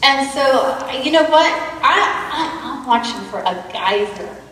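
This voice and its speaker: An eager, wonder-struck young Meshach talking to God , played by a woman preacher. The voice sits high, and it rings through a big echoey hall from some distance. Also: measured pace. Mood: hopeful. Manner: excited, wondering, talks to God aloud. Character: Meshach, young man in the furnace, eager and awed. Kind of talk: dramatic monologue in a sermon.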